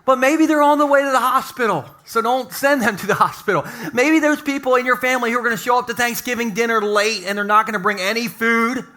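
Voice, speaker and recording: A man preaching with a bright, ringing tone and a fairly high voice. He speaks playfully and conversationally, cracking jokes between points in a lighthearted sermon. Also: fast, hardly any pauses. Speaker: pastor. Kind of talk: humorous sermon. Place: church sanctuary.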